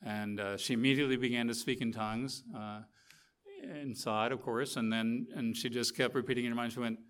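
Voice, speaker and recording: A middle-aged man preaching a sermon, telling a story with lively, animated energy and acting out the quotes. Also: mid-range voice, fairly quick, clean tone.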